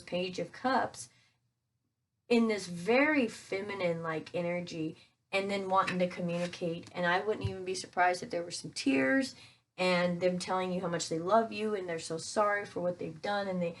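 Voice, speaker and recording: A woman with a somewhat low voice gives a casual tarot reading to her viewers. She is chatty, calls them guys and thinks aloud with fillers as she turns each card. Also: normal speed. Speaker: tarot reader.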